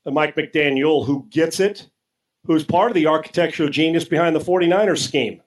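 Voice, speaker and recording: A man's voice: on the high side, a little fast, low-quality recording. A man co-hosting a sports talk show, arguing emphatically and casually with some profanity, often repeating words as he starts a sentence.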